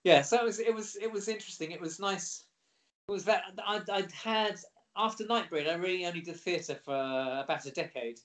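A middle-aged man, an actor guest in a casual interview, telling animated, lively anecdotes. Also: high-pitched, moderate pace.

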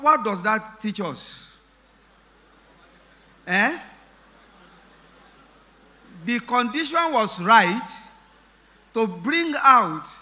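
Male pastor, high bright voice, emphatic sermon with rhetorical questions. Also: long reverb tail. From Nigeria.

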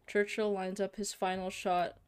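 A woman's voice: mid-range voice, flat delivery, moderate pace, clear, resonant tone. A young woman playing a narrative game, reading its text aloud and reacting with shocked exclamations and casual fillers. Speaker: let's play streamer.

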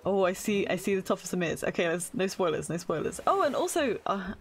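An excitable young woman talks to her live-stream viewers as she plays, her pitch leaping up into squeals over cute finds. She laughs often and teases herself, and soft game music plays behind her voice. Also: brisk.

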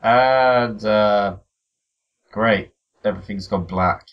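A man's voice: fairly low pitch, slow pace, muffled recording. A man hosting casual game commentary, a little stuffy from a cold and swearing in an offhand way. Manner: laid-back, swears casually. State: has a cold, coughing. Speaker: let's play host.

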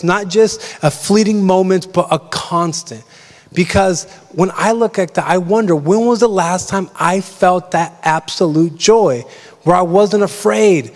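A young man preaching a casual, story-driven sermon as pastor, full of fillers like "like" and "um". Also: high-pitched. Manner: chatty storytelling, lots of fillers. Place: large church. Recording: long reverb of a large church.

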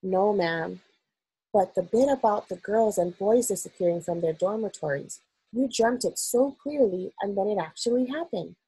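A woman's voice: medium pitch, normal speed, dark tone, husky, no room sound. A woman voicing a nervous young maid who speaks in a quivering, deferential way, in a storybook reading. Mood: anxious. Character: young maid, timid and anxious.

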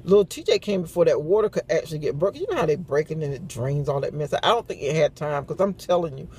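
Chatty grandmother with a gravelly voice. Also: low voice, expressive, fast, dark tone, a little hiss or hum. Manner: chatty storytelling with frequent laughs. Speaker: vlogger. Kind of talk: casual morning chat.

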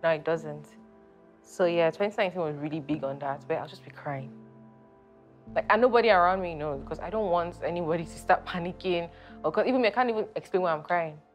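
A woman's voice: lowish voice, brisk, faint music behind. A woman reflecting plainly on a period of depression. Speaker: interviewee. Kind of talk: personal testimony.

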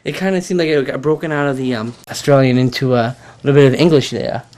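A man's voice: mid-range voice, steady tone, darkish tone. A young man chatting with a friend at home, eager and wisecracking. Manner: eager, wisecracking, quick reactions. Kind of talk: casual chat. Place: home living room.

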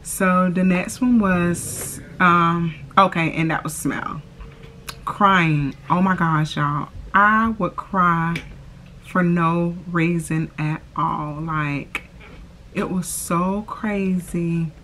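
A woman's voice: on the low side, steady tone, very slow, fairly bright tone, a little hiss or hum. A young woman chatting casually to camera, drawling "y'all" and filling her talk with "like" and "oh my gosh". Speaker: vlogger.

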